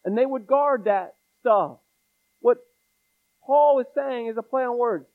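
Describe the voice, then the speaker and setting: A man's voice: very high voice, measured pace, pauses often. A man preaching a sermon, pressing the congregation with pleading rhetorical questions. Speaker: pastor. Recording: tinny phone-like sound.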